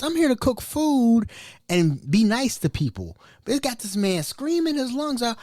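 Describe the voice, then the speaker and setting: Brief: male chef spinning workplace tales, animated, colloquial, lively pitch. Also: fairly quick, no echo, clean studio sound. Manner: animated, colloquial, laughing asides. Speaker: chef, storyteller. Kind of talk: casual anecdotal storytelling.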